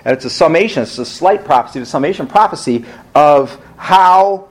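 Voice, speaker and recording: A man's voice: fairly high pitch, animated, normal speed. A male pastor preaching a sermon in a conversational way, asking rhetorical questions and rising for emphasis.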